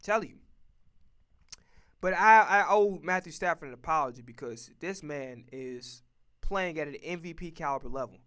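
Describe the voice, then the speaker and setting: Fairly high in pitch, smooth and a bit bright, his voice is expressive and moves at a moderate pace. He's a streamer and sports commentator ranting profanely and repetitively about football picks.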